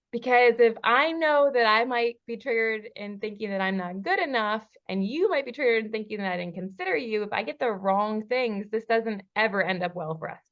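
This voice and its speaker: A woman coach telling a lively personal story, acting out the dialogue in different voices and laughing often. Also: fairly high pitch, normal speed, highs cut off. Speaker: relationship coach. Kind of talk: storytelling in a podcast interview. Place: lives in Bali.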